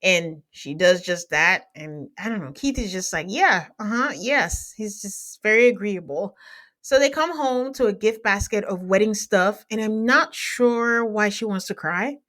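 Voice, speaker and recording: A woman in an easygoing podcast chat, talking at a middle pitch that is neither high nor low. She recaps episodes with a teasing edge, often breaking into laughter between remarks. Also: a little slow, a bit bright. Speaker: podcast host recapping a reality show. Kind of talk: casual chat.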